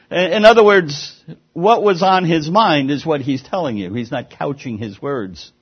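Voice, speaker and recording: A man preaching a sermon, lively and emphatic, often restarting his words. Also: a little high, a little slow, breathy edge. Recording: dull lo-fi sound.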